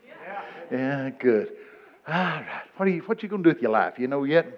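A man, preaching a storytelling sermon. He jumps into high shouting voices for the people he quotes. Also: very animated, normal speed, lo-fi sound.

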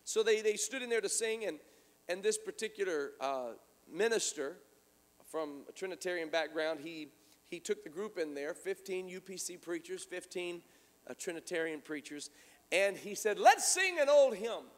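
The speaker is a man with a high voice preaching at a moderate pace in a large hall. His sermon is animated, built around a story whose dialogue he performs, and he often repeats his words.

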